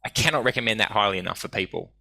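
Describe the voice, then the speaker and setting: A man spins animated anecdotes, swearing freely and acting out the voices of people in his stories. His voice has a forceful, bright edge. The recording is close and dry, with no room sound. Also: on the low side, rapid-fire, creaky, no room sound. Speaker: guest. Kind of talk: casual storytelling.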